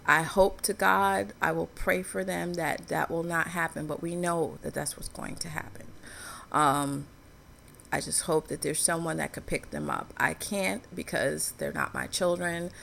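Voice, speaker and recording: A woman's voice: low-pitched, steady tone, a little slow, gravelly, fairly bright tone, a little hiss or hum. A woman vlogging in a candid personal commentary, telling a story in a frank, earnest way.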